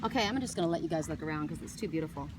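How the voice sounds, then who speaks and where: A woman's voice: deep voice, lively intonation, very fast, noisy background. Chatty woman reading cards outdoors. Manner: chatty, rambling, with many restarts. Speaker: oracle card reader. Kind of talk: casual spiritual reading vlog outdoors. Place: outdoors by water in a wooded glen.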